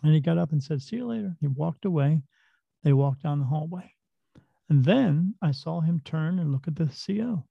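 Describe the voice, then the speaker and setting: A man's voice: a little high, normal speed, creaky, breathy edge, dry recording, muffled recording. A man talking casually and earnestly, telling a story from his work and giving plain-spoken advice with the odd swear word.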